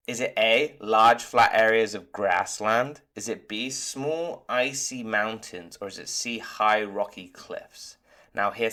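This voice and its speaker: Upbeat male English teacher, slightly low voice, patient and encouraging, explains clearly. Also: pushed and bright. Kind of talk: online vocabulary lesson. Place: lives in Turkey.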